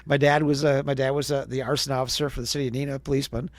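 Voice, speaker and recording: A man's voice: mid-range voice, little pitch movement, racing, no room sound. A man in his fifties from Wisconsin, a former radio DJ, telling stories as a podcast guest and acting out the voices of the people he quotes. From Wisconsin, USA. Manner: chatty storyteller who acts out quoted voices. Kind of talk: storytelling interview.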